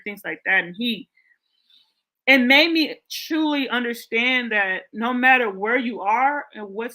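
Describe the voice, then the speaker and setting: A woman's voice: medium pitch, bright, forceful tone. A woman in her forties, a love coach hosting her show, telling a heartfelt story in a rambling, casual way full of "like" and "you know". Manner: heartfelt, rambling, heavy use of "like".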